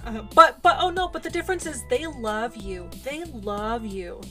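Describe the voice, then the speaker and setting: A woman's voice: a little high, animated, normal speed, faint music behind. A young adult woman streamer, ranting outspokenly and swearing while commenting on a game. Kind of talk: casual gameplay commentary and ranting.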